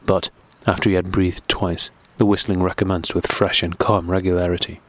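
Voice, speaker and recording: A man narrating a classic novel audiobook in a steady, measured reading. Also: low voice, no room sound.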